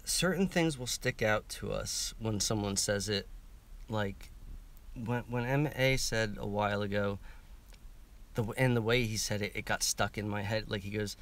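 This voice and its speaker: A man in his thirties talking casually on a livestream, halting and repeating himself, swearing often. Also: on the low side, fairly bright tone. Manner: halting, many restarts and swearing. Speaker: livestream participant. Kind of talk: emotional casual livestream talk. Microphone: webcam or phone camera.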